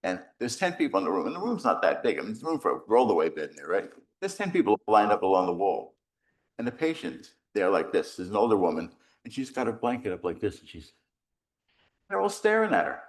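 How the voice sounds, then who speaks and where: A middle-aged man, a priest, giving a rambling, animated retreat talk full of stories and self-deprecating humor. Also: on the low side, a little fast, pauses often. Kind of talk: conversational retreat conference, storytelling.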